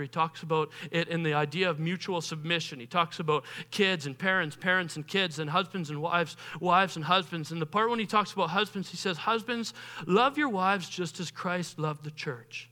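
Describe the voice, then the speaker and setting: A man preaching a sermon as pastor, animated, acting out the voices of people he quotes, rising to loud bursts and dropping quiet. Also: fairly high pitch, moderate pace.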